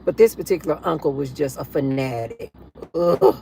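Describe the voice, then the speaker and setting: A woman hosting a casual livestream chat, blunt and animated, laughing often as she talks to her viewers. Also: sits low, normal speed, creaky. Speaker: livestream host.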